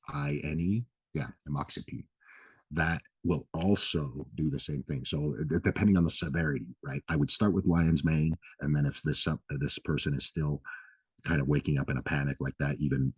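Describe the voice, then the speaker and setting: A man's voice: a bass voice, darkish tone, slightly rough, no room sound. A man hosting a health vlog, explaining in a loose, casual way, full of fillers and repeated "right?". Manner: loose, filler-heavy, keeps asking "right?"; swears casually. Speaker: vlog host giving health advice.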